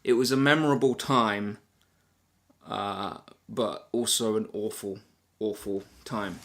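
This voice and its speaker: A man's voice: lowish voice, slow pace, fairly bright tone. Rambling self-deprecating man telling a travel story. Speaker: travel vlogger. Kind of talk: casual storytelling to camera.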